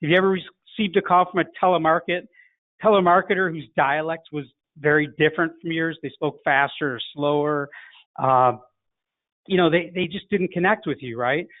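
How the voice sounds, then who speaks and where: Speaking at a normal speed with fairly even intonation, this middle-aged man uses a fairly high pitch and a Chicago accent. He's from Chicago and teaches sales in a blunt coaching style, playing out phone greetings, over a tinny, phone-like, echo-free recording.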